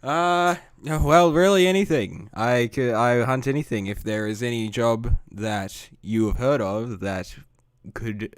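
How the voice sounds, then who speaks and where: A man's voice: medium pitch, takes it slowly, smooth, no echo, clean studio sound. A man playing a tabletop game, chatty and loose, often laughing. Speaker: player. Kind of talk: casual tabletop role-play.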